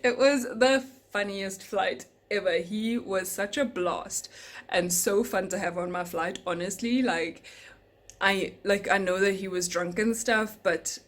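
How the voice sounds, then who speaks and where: Casting: young South African woman, chatty vlogger, lively storyteller, does little voices. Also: medium pitch, measured pace. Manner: animated, acts out passengers' lines in quotes. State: tired, speaking softly in the morning. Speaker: flight attendant vlogger. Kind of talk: casual storytelling vlog.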